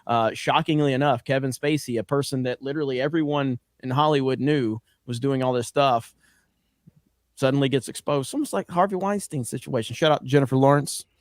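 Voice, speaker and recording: A man's voice: mid-range voice, a little fast, dry recording, clean studio sound. A man hosting a casual podcast chat, blunt and rambling, with a profane, opinionated way of talking.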